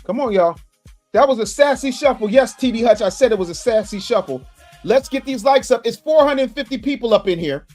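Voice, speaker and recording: A man hosting a livestream, reacting to video clips in an animated, exclaiming way and teasing his chat. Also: very high-pitched, fairly quick, faint music behind. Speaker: livestream host. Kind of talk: reaction commentary. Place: home streaming setup. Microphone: studio microphone.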